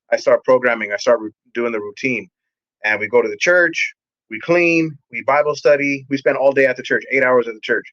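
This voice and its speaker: A man's voice: mid-range voice, a bit bright, no room sound. A young man recounts his past in casual, streetwise talk, slipping into the voices of the people he met. His voice sits in a middle register. The recording is dry and close, with a slightly dull, muffled tone. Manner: candid, streetwise, acts out quotes. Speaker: pastor, podcast guest. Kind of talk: casual storytelling.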